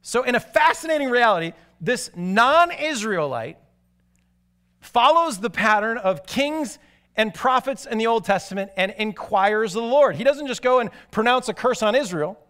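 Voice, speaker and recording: A man preaching a sermon, telling stories animatedly and moving from excited to hushed and grave. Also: extremely high pitch, moderate pace. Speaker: pastor.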